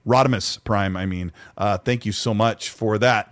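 A man co-hosting a casual gaming podcast, reading out chat messages in an animated, easygoing way. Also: lowish voice, moderate pace, no room sound. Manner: animated, reads out chat messages, laughs easily. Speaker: podcast co-host.

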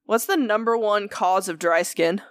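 A woman co-hosting a podcast, telling stories in an animated, giggly way with lots of swearing. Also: mid-range voice, moderate pace, dry recording. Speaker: podcast co-host. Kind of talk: casual chat.

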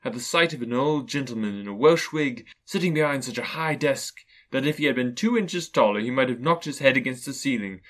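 A man reads a classic storybook aloud in a measured, even way. His voice is bright and forward, sitting at an ordinary male pitch. The narration flows steadily. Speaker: audiobook narrator.

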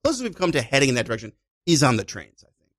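Animated man telling a story. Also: mid-range voice, very fast. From Chicago. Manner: animated storyteller, acts out voices and sounds. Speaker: podcast guest, improviser. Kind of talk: casual storytelling chat.

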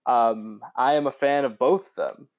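Casting note: young male podcast co-host, mid-pitched, rambling casual delivery full of fillers and restarts. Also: moderate pace, a little mellow. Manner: rambling, many fillers and restarts, laughs often. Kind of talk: casual chat.

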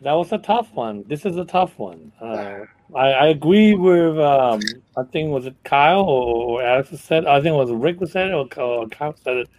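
A man's voice: a little high, lively intonation, normal speed, darkish tone, rough recording. A man on a panel thinking aloud as he gives his vote, with many fillers. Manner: thoughtful, uses many fillers. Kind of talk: casual panel discussion.

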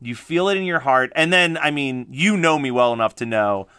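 A man's voice: mid-range voice, lively intonation, moderate pace, pushed and bright, clean tone, no room sound, clean studio sound. A man co-hosting a casual podcast chat, laughing often and acting out quoted lines. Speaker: podcast co-host.

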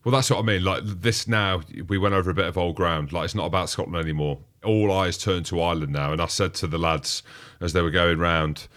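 A man with a very low, deep voice, chatting casually on a rugby podcast. He tells stories with animation and slips into the voices of the people he quotes. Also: fairly quick, hardly any pauses. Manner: animated storyteller who acts out quotes. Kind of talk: casual sports chat.

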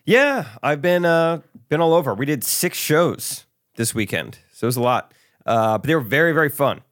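Animated young man telling stories. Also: a little high, normal speed, no room sound, clean studio sound. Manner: animated, acts out crowd voices. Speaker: podcast co-host and stand-up comedian. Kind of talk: casual storytelling chat.

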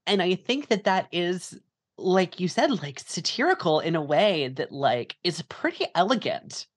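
A woman's voice: on the low side, sing-song, unhurried. A woman co-hosting a casual film podcast, rambling with lots of filler words and casual swearing. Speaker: podcast co-host.

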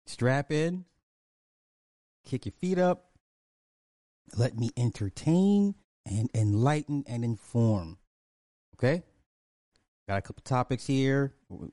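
A man hosts a casual commentary stream, drawing his words out slowly and repeating points for emphasis. His voice is dark and mellow. It is recorded dry, close to the mic. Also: mid-range voice, dry recording. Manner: drawling, repetitive, emphatic, chuckles often. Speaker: commentary show host.

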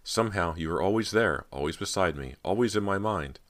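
A man's voice: low-pitched, lively intonation, a little fast, voice pushed up. A man voicing a frightened teenage girl who speaks in a trembling, pleading way in an audiobook. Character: frightened teenage girl searching for her sister's ghost.

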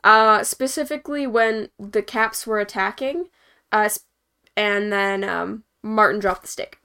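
A woman's voice: mid-range voice, a little slow, sharp tone, smooth. A young woman hosting a hockey post-game show, talking casually and rambling with lots of fillers and chuckles. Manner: rambling, filler-heavy, chuckles between points. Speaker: hockey podcast host.

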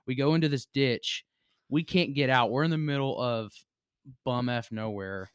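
A man's voice: medium pitch, normal speed, clear, resonant tone, no echo, studio quality. Young man telling rambling stories. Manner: rambling, loose storytelling with restarts. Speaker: podcast co-host. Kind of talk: casual storytelling chat.

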